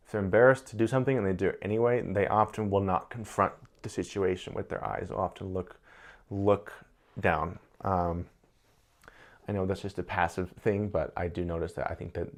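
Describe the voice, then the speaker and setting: A low-pitched man offers casual, thoughtful commentary on personality types. He often repeats words while searching for the right phrasing.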